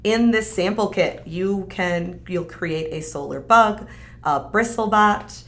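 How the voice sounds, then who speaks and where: A woman's voice: mid-range voice, slow pace, vocal fry, a bit bright. A woman hosting a live stream, chatting upbeat and casually as she demonstrates a craft kit. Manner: upbeat, chatty, frequent fillers. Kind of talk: casual product demo.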